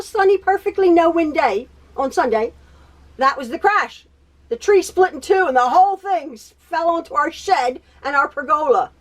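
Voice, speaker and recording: A woman's voice: sits high, lively intonation, a little slow. A woman hosting a quilting video from her home sewing room, chatting in a rambling way, often laughing, repeating herself and stuttering. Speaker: quilting tutorial host. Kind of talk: chatty personal catch-up.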